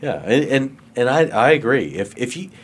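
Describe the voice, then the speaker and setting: A man's voice: medium pitch, animated, moderate pace, breathy edge. A man co-hosting a sports talk show, speaking earnestly and stumbling into restarts. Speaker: co-host. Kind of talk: casual studio banter.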